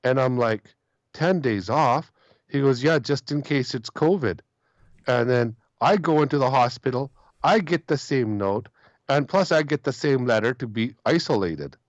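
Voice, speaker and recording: A man's voice: medium pitch, animated, moderate pace, no room sound, muffled recording. A man calling in to a talk show, telling a long story and repeating his words as he goes. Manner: rambling, repeats himself, quotes others. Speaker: caller.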